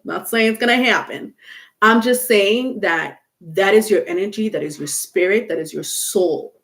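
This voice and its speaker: A woman giving a casual live-stream tarot reading, chatty and blunt, cursing freely and laughing often. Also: medium pitch. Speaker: tarot reader.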